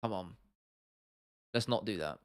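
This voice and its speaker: Blunt, swearing livestream host. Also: male voice, low-pitched, a little slow, no echo, clean studio sound. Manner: blunt, opinionated, swears freely, restarts often. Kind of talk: casual livestream chat answering viewers.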